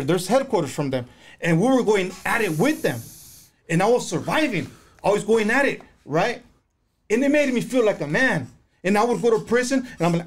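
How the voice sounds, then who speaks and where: A middle-aged man speaks in a raised, high-set voice, telling his own story with rising passion. He talks in casual conversation and swears freely as he makes his points. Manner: impassioned, profane storytelling.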